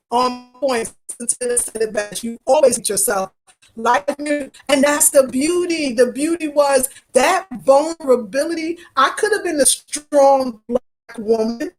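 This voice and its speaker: Fervent, preachy high-voiced woman. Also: takes it slowly, soft background music. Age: 50s. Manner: fervent, preachy, repeats herself, talks back to viewers; loose Black American vernacular. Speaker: travel vlogger. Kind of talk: casual livestream talk to viewers.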